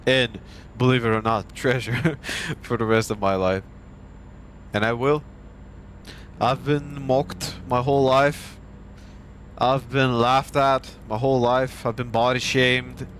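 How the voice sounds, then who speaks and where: A man's voice: medium pitch, steady tone, takes it slowly, long pauses, fairly bright tone, slight background noise. Profane ranting young man from Bulgaria. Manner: heated, profane, mocking. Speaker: streamer. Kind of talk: casual profane rant.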